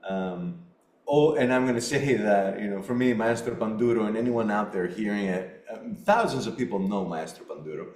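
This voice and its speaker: A middle-aged man, a podcast guest, telling a personal story in an earnest, halting way with many restarts. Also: deep voice, darkish tone. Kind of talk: storytelling in a casual interview. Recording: roomy echo.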